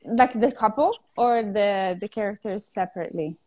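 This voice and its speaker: A woman's voice: medium pitch, normal speed, a little mellow. A woman with an Italian accent, whose first language is Italian, chatting playfully on a live stream and laughing often as she searches for English words. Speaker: actress co-hosting a live stream. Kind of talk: casual live-stream chat. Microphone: phone on a live video stream.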